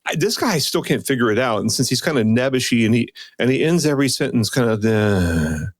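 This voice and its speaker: A middle-aged man co-hosting a podcast in casual chat, animated and quick to slip into mocking impressions. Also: mid-range voice, no echo, studio quality. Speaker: podcast co-host.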